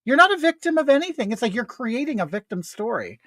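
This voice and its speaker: A man's voice: extremely high pitch, sing-song, fast talker, a bit bright, no echo. A man, a drag queen host, gossiping sarcastically while doing makeup and reading viewer comments. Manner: reads viewer comments aloud. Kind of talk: casual makeup chat.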